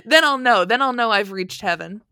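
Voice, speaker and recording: A woman co-hosting a casual podcast, giggly and animated, reading listener reviews aloud. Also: a little high, moderate pace, smooth, dry recording, studio quality. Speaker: podcast co-host. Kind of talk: casual chat.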